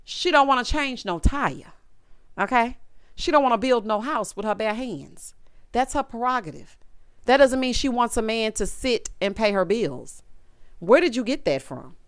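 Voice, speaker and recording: A woman's voice: a little high, lively intonation, normal speed, fairly bright tone, smooth, dry recording, clean studio sound. A woman hosting a reality TV recap, talking casually, blunt and sassy, scolding the cast and calling listeners honey. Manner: calls viewers honey and baby.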